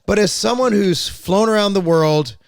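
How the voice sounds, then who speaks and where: This gravelly high voice keeps a moderate pace, recorded in a clean studio with no room sound. The man hosts a podcast and rambles through casual political chat, opinionated and blunt, cursing now and then and repeatedly restarting sentences and repeating words.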